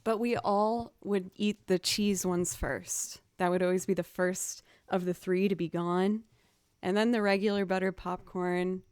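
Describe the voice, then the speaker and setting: A woman's voice: fairly low pitch, fairly even intonation, a little slow, a little mellow, clean tone, no echo, clean studio sound. A woman musician chatting casually with her stream viewers, rambling and drifting off into tangents.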